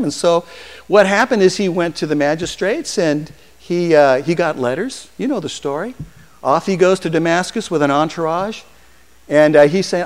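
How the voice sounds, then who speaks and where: Animated older male pastor preaching in a hall. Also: a little high, moderate pace. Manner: animated storytelling, acts out voices. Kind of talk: sermon. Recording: long hall reverb.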